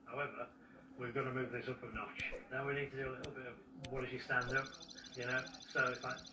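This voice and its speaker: A man's voice: mid-range voice, level tone, quick pace, background noise. A man, coaching a dog on a TV show, encouraging it with repeated praise. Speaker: dog trainer. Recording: roomy distant TV audio with loud music.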